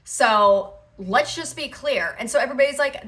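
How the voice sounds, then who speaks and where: Female commentary host, sarcastic and theatrical, bright and higher-pitched. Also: moderate pace, few pauses. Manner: sarcastic, dramatic mimicry of others. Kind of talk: internet drama reaction commentary.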